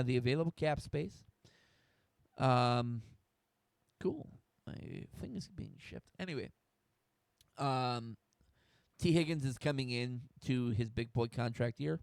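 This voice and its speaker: A man's voice: medium pitch, moderate pace, long pauses, no echo, studio quality. A young man from the United States hosting a solo sports talk stream, getting fired up, swearing and restarting his sentences. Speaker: host.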